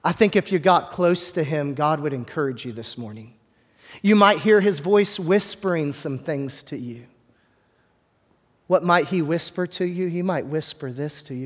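A pastor with a fairly high voice delivers a sermon at a moderate pace in an easy, chatty style, doubling words as he builds his points and tossing joking asides to the congregation. A long sanctuary reverb trails each phrase.

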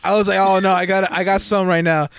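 A man co-hosting a casual chat, quick and slangy, laughing often. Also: high voice, level tone, a little hiss or hum. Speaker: podcast co-host.

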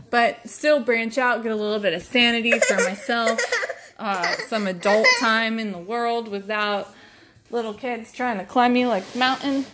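A young woman with a fairly high-pitched voice hosts a solo podcast, rambling casually and laughing as she shares stories about her day as a stay-at-home mom. There's heavy background noise.

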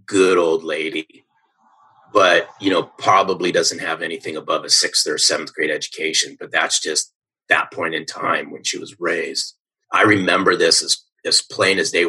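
A man's voice: low-pitched, pushed and bright, husky, low-quality recording. A middle-aged man, a sales coach guest on a podcast, telling stories with energy and emphasis and often asking "right?". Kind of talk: podcast interview storytelling.

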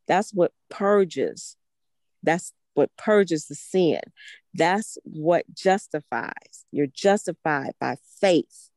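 Fervent woman preaching, low voice. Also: darkish tone, no echo. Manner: fervent, emphatic, with emotional laughs. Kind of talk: sermon.

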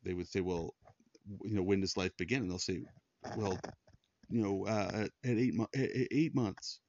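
Earnest low-voiced man, dull dry sound. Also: fairly even intonation, moderate pace, darkish tone, dry recording. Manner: earnest, repeats words and restarts when moved. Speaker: Christian podcast host. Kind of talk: earnest personal monologue.

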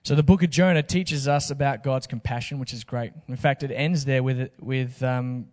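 A man's voice: medium pitch, moderate pace, a little mellow, in a large hall. Casual preacher man. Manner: casual, jokey preaching with slang asides. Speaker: pastor. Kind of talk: sermon.

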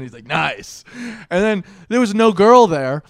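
A young man chatting casually, his pitch jumping up and down as he tells stories and slips into other people's voices. He sits somewhat high for a man and is recorded dry and close, with no room sound. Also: moderate pace, creaky, dry recording. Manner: animated storyteller who acts out voices with loud laughs. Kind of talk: casual chat.

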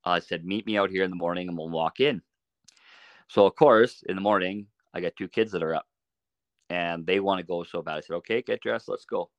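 A middle-aged man telling stories in a relaxed, casual way as a podcast guest, often laughing as he talks. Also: low-pitched, brisk, no room sound, dull audio. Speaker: podcast guest, archery shop owner. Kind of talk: casual storytelling.

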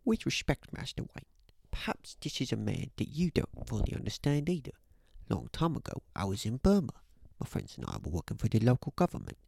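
A calm older butler speaks, low and measured as he tells a story. A man puts on the voice, gravelly at the bottom and lively in its rise and fall. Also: no echo, full character voice. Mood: solemn.

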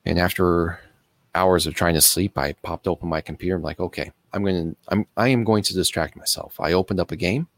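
A man telling a personal story in an earnest, halting way, pausing and restarting as he explains things slowly. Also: low voice. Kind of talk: personal story told to camera.

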